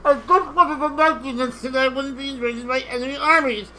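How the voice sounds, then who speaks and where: A woman playing a strategy game live, exasperated, repeating herself and shouting at units on screen. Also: sits high, fairly quick, a little hiss or hum, rough recording. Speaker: gamer.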